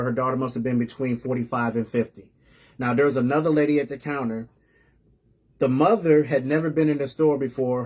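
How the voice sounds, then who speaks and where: A man's voice: medium pitch, a little mellow. A man hosting a live online show, telling a story to his audience in a casual, earnest way, often repeating and restarting words. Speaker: host of a live reseller news show.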